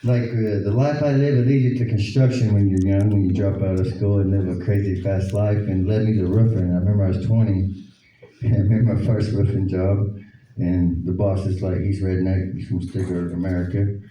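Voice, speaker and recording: A man's voice: low voice, flat delivery, brisk, muffled recording, slight background noise. A man with an Oklahoma accent doing a stand-up comedy set, telling loose stories and slipping into voices. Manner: loose storytelling with voices and laughs. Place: comedy club stage. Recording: echoey club recording from far off. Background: crowd laughter.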